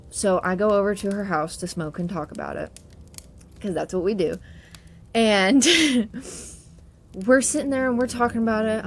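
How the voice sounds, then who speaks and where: A young adult woman telling a spooky personal story in a casual social-media style, cursing freely and laughing as she goes. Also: mid-range voice. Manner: profane, chatty, laughs through it. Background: faint spooky piano music.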